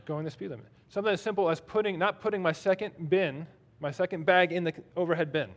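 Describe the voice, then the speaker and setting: A man's voice: high-pitched, fast. Man preaching a casual sermon. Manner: conversational, self-deprecating preaching with reading aloud of scripture. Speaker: pastor.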